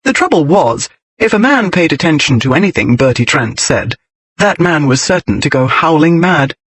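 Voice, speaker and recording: Expressive, slightly husky male narrator. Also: on the high side, dry recording, low-quality recording. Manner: expressive, measured storytelling. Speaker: audiobook narrator. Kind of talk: scripted narration.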